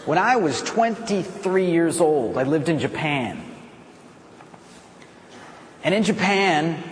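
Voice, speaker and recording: An American man giving a playful, animated storytelling talk at a conference. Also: a little high, in a large hall, a little hiss or hum. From United States. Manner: animated, playful, self-mocking. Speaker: conference speaker. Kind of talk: storytelling speech. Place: conference hall.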